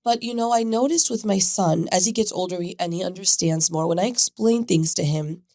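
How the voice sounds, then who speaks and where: A woman's voice: lowish voice, fairly quick, warm tone, dry recording, studio quality. A woman hosting a casual podcast chat, asking questions and sometimes searching for her words. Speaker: podcast host.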